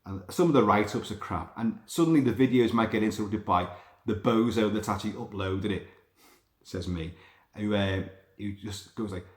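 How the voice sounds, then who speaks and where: Rambling, sweary man with a lowish voice. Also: moderate pace. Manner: rambling, sweary, animated storytelling. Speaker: podcast host. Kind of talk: casual monologue. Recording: roomy echo.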